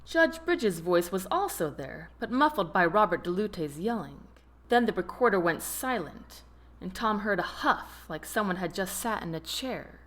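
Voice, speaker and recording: Woman reading an audiobook, slow and lively, bright tone. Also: fairly low pitch. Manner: slow, expressive storytelling. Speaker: audiobook narrator. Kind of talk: scripted narration.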